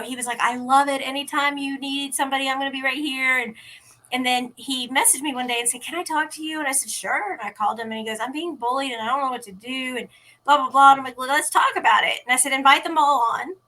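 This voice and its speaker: A woman guest in a casual interview, telling lively stories from home and acting out the dialogue she quotes. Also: high-pitched. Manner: animated, acts out quoted dialogue. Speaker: interview guest, teen podcast organizer.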